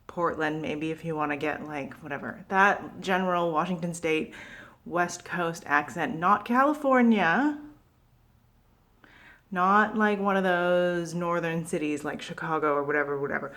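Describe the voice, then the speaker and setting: A young woman from Vancouver talks straight to camera with a Pacific Northwest Canadian accent. Her voice sits a little low. She rants in a loose, chatty way, full of asides and fillers. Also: unhurried, a bit bright. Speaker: vlogger. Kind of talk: casual opinion rant to camera.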